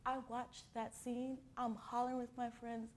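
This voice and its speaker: A middle-aged woman from Miami teaches an acting class, animatedly telling anecdotes and voicing the people in them like an expressive storyteller. Her voice is a little high, her pace moderate, and there's a little hiss or hum.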